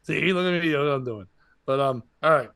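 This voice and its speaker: A male comedian telling stories on a podcast with a bright, tense edge and a voice set a little high. He is animated and slips into the voices of the people in his stories. The sound is close and dry. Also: quick pace, dry recording. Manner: animated, acts out quoted voices. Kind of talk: casual storytelling chat.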